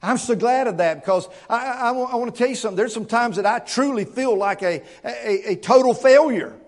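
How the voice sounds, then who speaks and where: A man's voice: extremely high pitch, fairly quick. A male pastor preaching a sermon to his congregation, earnest and emphatic, often stammering and repeating words and asking rhetorical questions.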